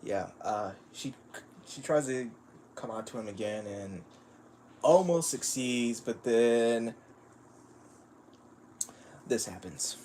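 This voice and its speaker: A man's voice: medium pitch, expressive, takes it slowly, long pauses, darkish tone, a little hiss or hum. A man streaming casual commentary on a manga, rambling with lots of fillers and frequent chuckles.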